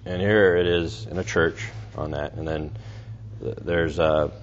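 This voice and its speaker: A man's voice: a bass voice, fairly even intonation, unhurried. A man teaching through a Bible passage in a conversational way, with restarts and asides. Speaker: preacher. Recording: dull lo-fi recording with faint noise.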